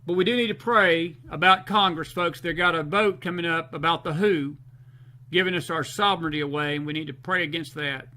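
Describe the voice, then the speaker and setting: A Southern American man hosts a late-night live stream with a high, forceful voice. He talks emphatically and keeps repeating short phrases for stress. His tone stays bright and tense as he answers his viewers' comments. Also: fairly quick. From Southern United States. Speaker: host.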